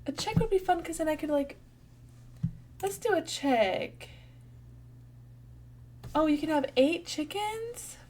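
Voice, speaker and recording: Bubbly young woman narrating gameplay, slow. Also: high voice, animated, a little mellow. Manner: bubbly, thinks aloud, chats to viewers. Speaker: gaming channel host. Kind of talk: casual gameplay commentary.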